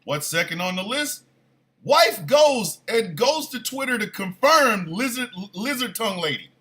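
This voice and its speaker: A man hosting a morning show, telling a comic story in a casual, animated way with loud bursts of disbelief. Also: high-pitched, unhurried.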